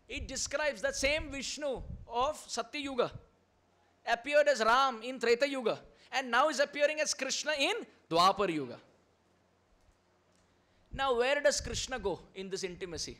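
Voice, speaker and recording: A man's voice: very high voice, lively intonation, normal speed, sharp tone. A middle-aged man with an Indian English accent gives a storytelling sermon as a preacher. He leads the audience in call-and-response and chants Sanskrit verses.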